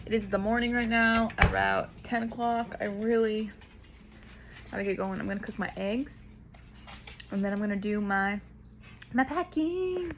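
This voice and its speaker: A woman's voice: medium pitch, flat delivery, normal speed, long pauses, noisy background. A woman from Southern California, chatting casually to the camera at home while she packs, rambling with lots of "like" and "um.". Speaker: vlogger.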